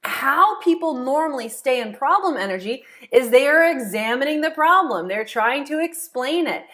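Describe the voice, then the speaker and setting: Higher-voiced woman coach explaining steps. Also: lively intonation, moderate pace, sharp tone. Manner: repeats key phrases, asks rhetorical checks. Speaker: law of attraction coach. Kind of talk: explanatory teaching monologue.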